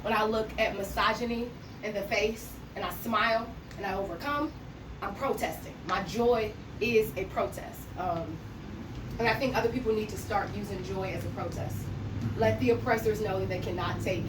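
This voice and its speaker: A woman's voice: mid-range voice, moderate pace, noisy background. A woman from Cleveland, performing spoken-word poetry live in an art gallery with a rhythmic, playful refrain. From Cleveland, Ohio. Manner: rhythmic, playful call-and-response delivery with a repeated refrain. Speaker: poet. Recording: echoey gallery room from a distance.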